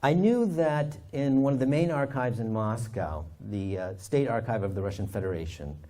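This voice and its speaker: A man, an author and historian, telling stories from his research in a lively anecdotal way. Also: mid-range voice, moderate pace. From United States. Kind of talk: storytelling talk.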